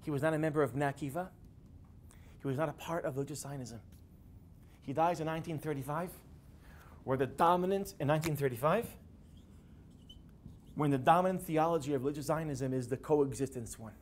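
A man giving a classroom lecture, animated and building to emphatic peaks. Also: on the high side, a little fast, long pauses, a little hiss or hum.

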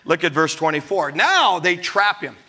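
A man's voice: a little high, sing-song, normal speed, sharp tone. A middle-aged male pastor preaching a sermon to his congregation, laughing often and acting out voices from scripture.

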